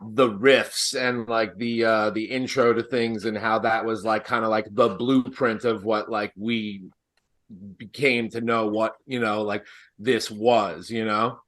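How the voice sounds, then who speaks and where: A man's voice: on the low side, level tone, a little slow, a bit bright. A man from Long Island, a cook who is a guest on a podcast, chatting loosely and filling his sentences with "uh" and "like". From Long Island, New York. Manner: rambling, loose, full of fillers like "uh" and "like". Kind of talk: casual podcast chat.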